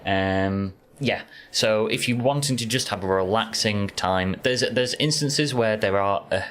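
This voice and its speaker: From his warm bedroom, a Yorkshire man chats casually with viewers while streaming a game, easygoing and rambling. His voice sits on the low side, a bit bright, at a measured pace.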